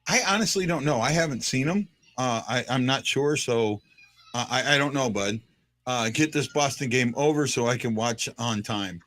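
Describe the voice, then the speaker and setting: A man's voice: medium pitch, moderate pace, a bit bright. A man hosting a casual sports chat, rambling with lots of fillers and restarts. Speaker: podcast host.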